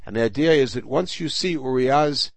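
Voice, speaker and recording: Gravelly older man teaching Talmud. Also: mid-range voice, moderate pace, no echo. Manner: reads Hebrew and Aramaic text aloud, then explains in English. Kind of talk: Talmud class, reading and translating.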